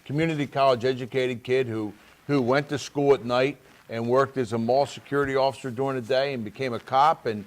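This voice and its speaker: A man's voice: mid-range voice, fairly even intonation, brisk, hardly any pauses. A man from Pennsylvania, a state representative, talking casually on a talk show in an earnest way, with many restarts.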